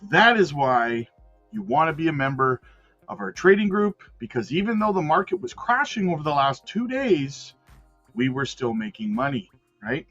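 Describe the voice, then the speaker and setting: A man hosts a live crypto stream with loud, slangy energy, calling out viewers by name. His voice sits a little high, and the sound is dry and slightly dull. Soft music plays underneath. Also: sing-song, normal speed. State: out of breath. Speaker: crypto livestream host. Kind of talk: casual live-stream chat.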